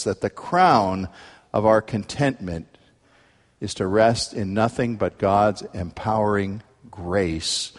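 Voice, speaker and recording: A male pastor preaching a sermon, earnest, his voice climbing sharply in pitch and force when he presses a point. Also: in a large hall.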